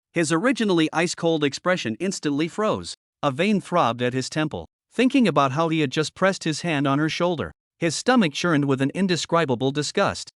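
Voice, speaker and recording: Expressive male story narrator, lively pitch. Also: no room sound, studio quality.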